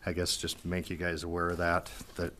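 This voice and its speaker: Deep-voiced, halting man reporting. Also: monotone, pushed and bright, a little hiss or hum. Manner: hesitant, halting, many fillers. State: out of breath. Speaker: public works staff member. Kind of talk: reporting at a municipal meeting.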